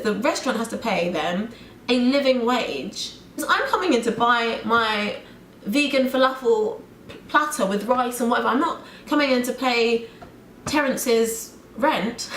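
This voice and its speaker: British girl ranting on her vlog, kinda high voice, echoey room. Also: a little hiss or hum. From United Kingdom. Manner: animated, fast, exasperated. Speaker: vlogger. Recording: roomy room echo.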